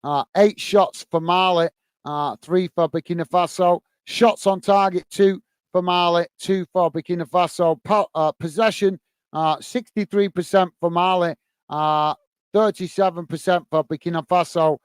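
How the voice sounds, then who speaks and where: During a live football watch-along, a British host with a fairly high voice calls the game and reads viewers' messages, greeting them by name in a friendly, chatty way and often saying "uh." His intonation stays fairly even at a moderate pace. The recording is dry and close, his voice smooth and clear with no room sound.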